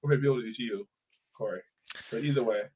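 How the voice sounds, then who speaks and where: A man co-hosting a podcast, chatting casually and profanely about sports in an animated way. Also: medium pitch, fast talker, slight background noise. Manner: animated, profane, mimics players in funny voices. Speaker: podcast co-host. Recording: tinny phone-like audio.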